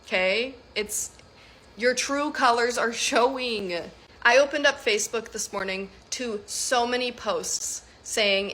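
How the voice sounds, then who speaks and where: A woman's voice: on the high side, slow pace, bright, forceful tone. A woman speaking bluntly and with sass in an opinion clip to camera. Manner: blunt, sassy. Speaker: video creator in a played clip.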